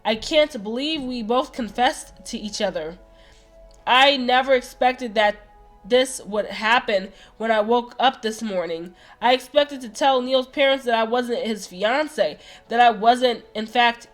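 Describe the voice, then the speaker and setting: A woman reading a visual novel aloud for her channel, gushing and excitable between passages. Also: a little high. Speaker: let's play host.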